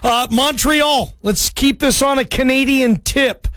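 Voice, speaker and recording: High-voiced excitable sports radio host man. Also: a little slow, no echo. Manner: excitable, chatty, calls listeners bro.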